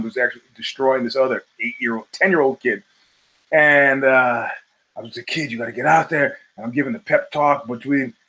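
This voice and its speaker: A man's voice: medium pitch, a bit bright, rough recording. A middle-aged man hosting his own podcast, talking in a loose, digressive way with many fillers and restarts. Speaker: podcast host. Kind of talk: casual rambling commentary.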